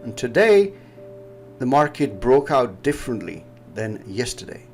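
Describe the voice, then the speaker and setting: In a casual chart-analysis chat, a Pakistani trading educator rambles and explains, laughing often, in Pakistani English. His mid-range voice is very animated, a little slow, and a little mellow. Faint music plays behind him.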